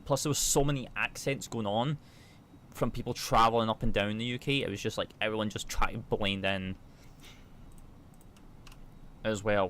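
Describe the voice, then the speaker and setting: A man's voice: lowish voice, a bit bright, slight background noise. A man from the United Kingdom, chatting casually with his viewers while flying a simulator, reading numbers and checklist items aloud between remarks. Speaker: flight sim streamer.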